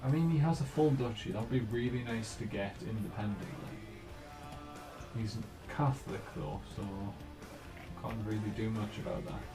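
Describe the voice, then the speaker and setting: A man hosting a let's play, commenting casually on his strategy game and thinking aloud in a relaxed, musing way. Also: on the low side, normal speed, vocal fry, roomy sound, music in the background.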